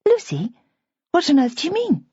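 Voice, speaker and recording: A woman's voice: high-pitched, huge pitch swings, moderate pace, mellow, dry recording, pitched above the performer's own voice. A woman voicing an anxious young bride. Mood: pleading. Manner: anxious, rambling. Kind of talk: audiobook character voice. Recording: dull, lo-fi audiobook recording.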